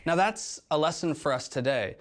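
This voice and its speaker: A man's voice: on the high side, lively intonation, normal speed. A man teaching a casual Bible lesson for teens as a youth pastor, chatty, with filler words.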